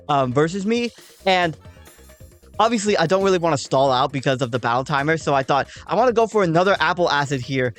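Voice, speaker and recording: A woman's voice: low-pitched, expressive, fast talker, soft background music. A woman hosting a gaming channel, talking through a game battle in a casual, chatty way and explaining her thinking with frequent "um" and "like".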